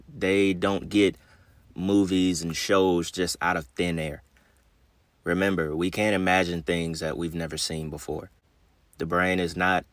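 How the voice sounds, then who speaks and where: A man's voice: sits low, a bit bright, no room sound. A man hosting his channel, reading an article aloud and then commenting, his speech a little slurred after a dentist visit. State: just back from the dentist. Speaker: channel host.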